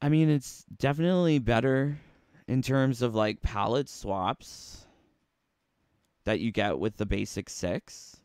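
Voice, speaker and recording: A man's voice: medium pitch, slow, darkish tone, clear, resonant tone, no echo, studio quality. A man giving casual, playful commentary on video game costumes, sassy and full of rhetorical questions. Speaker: gaming YouTuber.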